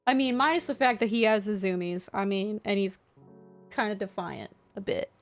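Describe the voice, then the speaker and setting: A woman's voice: mid-range voice, moderate pace, faint music behind. A young woman vlogging from her desk at home, chatting casually and telling stories with lots of swearing. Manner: chatty, swears often, animated storytelling. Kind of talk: casual chat.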